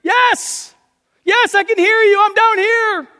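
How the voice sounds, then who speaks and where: A man's voice: very high-pitched, fairly even intonation, slow pace, voice pushed up, full character voice. A preacher putting on a frantic man hanging off a cliff. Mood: panicked shouting. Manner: yelling desperately, pleading.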